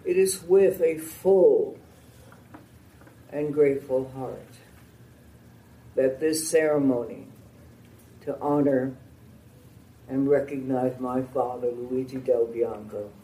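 An older man giving a formal, heartfelt prepared speech at a memorial ceremony, in a slow and measured way. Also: mid-range voice, steady tone, dark tone, echoey room, distant mic, slight background noise, rough recording.

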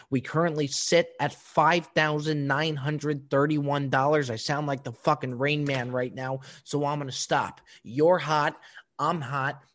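Guy on a podcast telling a long story, gets loud and excited, swears a lot. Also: fairly high pitch. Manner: animated, profane storyteller who keeps addressing his co-host. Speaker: podcast co-host. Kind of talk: casual storytelling chat.

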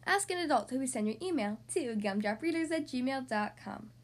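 Lively high-voiced woman reading a storybook. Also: moderate pace. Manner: expressive, animated. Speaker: podcast host reading to children.

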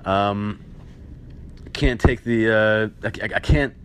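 A man's voice: lowish voice, takes it slowly, fairly bright tone, a little hiss or hum. A man in a heated, profane ranting monologue, firing off rhetorical questions. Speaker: vlogger.

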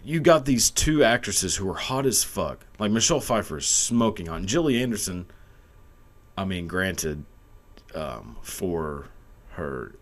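A man's voice: low-pitched, very animated, a little slow. A young man ranting crudely into his camera, rambling, swearing and breaking into laughter as he goes. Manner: profane, rambling, laughing often. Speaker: video commentator. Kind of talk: crude comedic rant. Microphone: camera mic.

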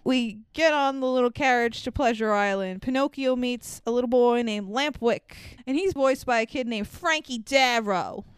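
A woman's voice: on the high side, moderate pace, hardly any pauses, clean tone, no room sound. Laughing young woman recapping a film. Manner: laughs often, acts out characters' lines. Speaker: podcast co-host. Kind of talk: casual movie-recap chat.

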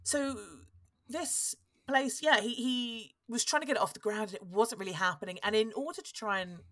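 A woman with a fairly high, bright voice talks at normal speed in clean studio quality with no echo. Hosting a podcast, she tells a history story casually, chatty and wry, often breaking off and starting again.

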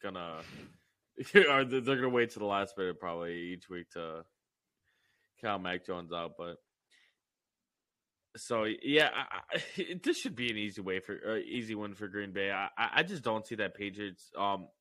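A man co-hosts a loose football podcast, his voice bright and forceful and sitting a little low. He stammers and laughs as he talks, swearing freely. The sound is dry and close. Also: normal speed, no room sound. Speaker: podcast co-host. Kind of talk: casual sports chat.

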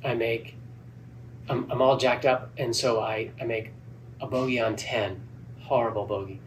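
A man, a golf club head pro, telling a lively story in a podcast interview and acting out the dialogue. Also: medium pitch, unhurried. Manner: animated, acts out quoted dialogue. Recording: distant mic with faint background noise.

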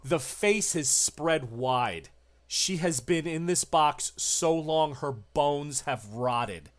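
A game master slowly narrating a horror tabletop game with deliberate, ominous description. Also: medium pitch, animated.

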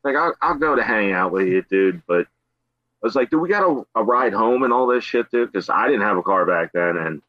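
A man's voice: lowish voice, lively intonation, moderate pace, no room sound, dull audio. A man from Philadelphia telling a story on a podcast as a guest, swearing and acting out every quote. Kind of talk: casual storytelling chat.

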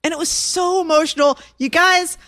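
A woman co-hosting a podcast in casual chat, gushing and excitable as she talks. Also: very high voice, normal speed, no room sound. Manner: gushing, excitable fan talk with laughs. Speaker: podcast co-host.

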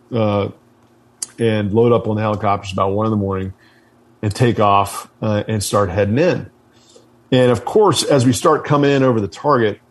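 Blunt veteran man telling a war story. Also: on the low side. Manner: blunt, swears, lots of restarts and fillers. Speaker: guest, military veteran. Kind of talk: casual storytelling.

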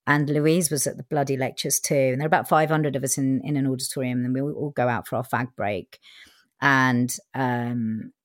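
Woman, low voice, frank and chatty interview, dry sound. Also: no room sound. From England. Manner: frank, sometimes swearing, many fillers. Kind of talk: candid personal storytelling.

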